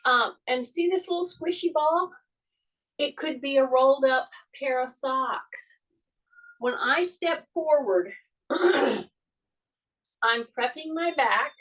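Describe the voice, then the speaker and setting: A woman fitness instructor leading a live-streamed workout in a small indoor space, talking viewers through each move in a measured, chatty way. She has a frog in her throat and keeps clearing it. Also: high-pitched, fairly bright tone, distant mic, low-quality recording.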